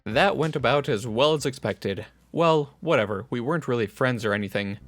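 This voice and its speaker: Bright-voiced man reading a game aloud. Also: mid-range voice, lively intonation, moderate pace, no echo, faint music behind. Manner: reads narration and lines with joking asides. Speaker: game streamer reading a visual novel aloud. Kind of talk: casual voiced playthrough.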